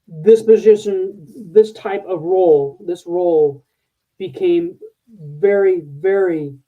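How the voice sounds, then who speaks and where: An older man, a retired military officer, telling a rambling, halting story as a podcast guest. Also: on the high side. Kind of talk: conversational war story. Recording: tinny phone-like line.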